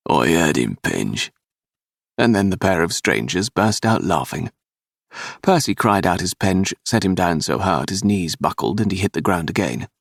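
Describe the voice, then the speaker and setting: Gravelly low-voiced male audiobook narrator. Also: moderate pace, no room sound, studio quality. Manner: dramatic, expressive reading.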